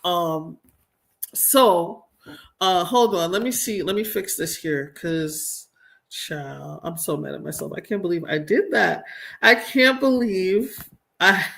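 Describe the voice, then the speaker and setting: A woman's voice: mid-range voice, expressive, takes it slowly, a bit bright. A young woman talks straight into her computer mic on a live stream. She is chatty and a little exasperated, with plenty of slang and asides to her viewers. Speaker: live-stream commentary host. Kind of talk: casual live-stream commentary.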